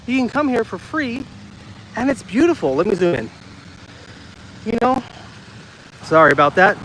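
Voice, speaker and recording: A man's voice: sits high, fairly bright tone, a little hiss or hum, poor audio. A man in his thirties hosting a casual walking livestream in a city park, chatting with viewers and reading their comments aloud from a handheld phone. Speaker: livestream host. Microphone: phone held while walking.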